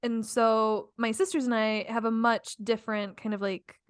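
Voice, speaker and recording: A woman's voice: a little high, little pitch movement, normal speed, clean tone, dry recording, clean studio sound. A middle-aged woman co-hosting a podcast in casual chat, talkative and laughing often. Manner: chatty, laughs often, many fillers. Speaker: podcast co-host.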